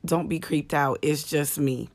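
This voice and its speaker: Low-voiced woman ranting late at night. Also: steady tone, a little slow. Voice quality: low, slightly manly voice. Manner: profane, ranting, chatty. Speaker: comedian and podcast host. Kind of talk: casual late-night live chat. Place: bedroom in apartment at night, lying in the dark.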